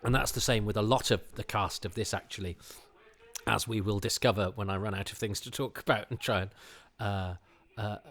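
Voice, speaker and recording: A middle-aged man talks through an old television episode as a podcast host, eager and digressive. His voice sits a little low. He stumbles over restarts and fillers as he chases one tangent after another. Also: fairly even intonation, fairly quick, a bit bright.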